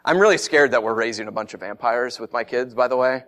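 A man preaching a sermon as pastor, animated and fond of acting out mocking voices, with frequent laughs. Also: mid-range voice, fast.

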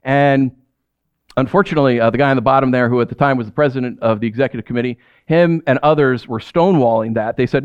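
A man preaching a sermon, telling stories about himself in an animated, self-deprecating way. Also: medium pitch, quick pace, dry recording, highs cut off. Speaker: pastor.

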